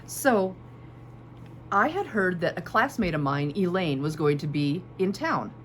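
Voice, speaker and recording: Woman, 50s, lower-pitched, chatty quilting host, home camera mic with a light hum. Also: animated, moderate pace, fairly bright tone. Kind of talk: casual chat showing fabric. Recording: faint background hum.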